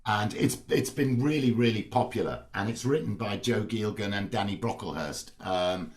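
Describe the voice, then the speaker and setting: A middle-aged man chatting as a guest on a video call, telling family anecdotes in a relaxed storytelling way. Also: lowish voice, normal speed, far from the mic. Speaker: actor guest. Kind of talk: casual video-call chat.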